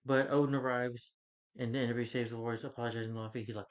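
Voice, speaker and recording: A man's voice: mid-range voice, flat delivery, rapid-fire, highs cut off. A man who reviews movies, casually retelling a film's plot in a loose, rambling way with lots of "like" and "you know".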